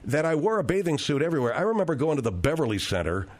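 A man's voice: fairly high pitch, big pitch swings, racing. A man hosting a radio talk show, telling rambling, digressive stories with frequent restarts.

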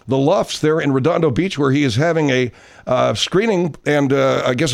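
A man hosting a comedic talk radio show, bantering with callers and guests in an exasperated tone. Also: medium pitch.

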